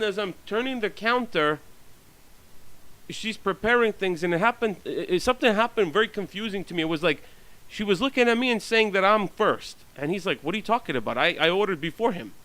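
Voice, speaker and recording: In a rough recording, a man with a high, fairly bright voice rambles through stories in a blunt, profane ranting monologue. His talk is full of fillers and restarts.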